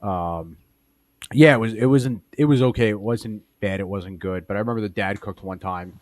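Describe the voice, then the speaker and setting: A man's voice: fairly low pitch, moderate pace, no echo. A man co-hosting a comedy podcast, telling rambling, profane stories in crude, casual banter. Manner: profane, rambling storyteller, trails off mid-sentence. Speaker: podcast co-host.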